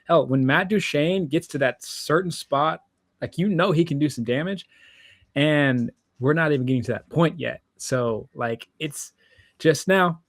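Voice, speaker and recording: A man's voice: a little high, unhurried, dry recording, studio quality. A young man co-hosting a sports podcast, talking casually and hesitantly with many fillers. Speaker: podcast co-host.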